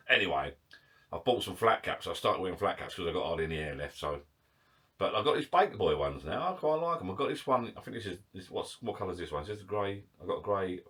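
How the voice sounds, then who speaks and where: Husky, breathless man rambling. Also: low-pitched, fairly bright tone. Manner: chatty, self-mocking, swears casually. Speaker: vlogger. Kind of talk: casual rambling chat to camera. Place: garden shed bar.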